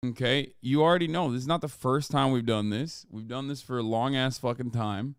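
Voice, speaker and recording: A male streamer talking casually at a mid pitch. His voice is smooth and dry and close to the mic, with faint music underneath. He swears freely and reads chat messages aloud in an exasperated tone. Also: brisk, hardly any pauses, no echo. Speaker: livestreamer selling merch.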